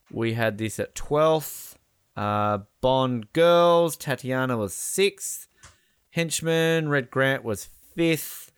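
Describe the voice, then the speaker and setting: A man's voice: mid-range voice, clean tone, no echo, clean studio sound. A man co-hosting a podcast in casual chat, rambling with fillers and laughs. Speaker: podcast co-host.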